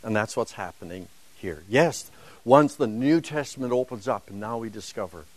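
A man's voice: lowish voice, animated, moderate pace, darkish tone, dry recording. A man teaching a Bible lesson to a class, emphatic and dramatic, driving home points with rhetorical questions.

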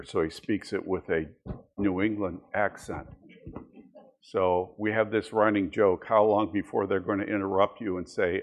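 A middle-aged man teaching a church history class in a conversational way, mixing reading with personal anecdotes and asides. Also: on the low side.

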